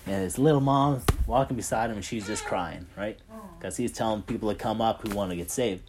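Animated man telling faith stories. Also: on the low side, fairly quick, slight background noise. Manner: animated storyteller, heavy on fillers like "like" and "right?". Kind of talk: casual faith chat.

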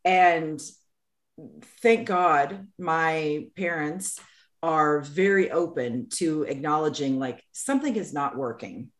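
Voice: mid-range voice, slow, fairly bright tone. Earnest, reassuring podcast speaker. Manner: earnest, reassuring, repeats for emphasis. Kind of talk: casual chat.

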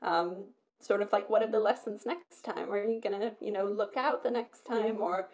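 A woman's voice: medium pitch, steady tone, normal speed, darkish tone. A woman in casual conversation, talking at length and laughing often. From Britain. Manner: chatty, laughs often, rambling. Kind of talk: casual chat.

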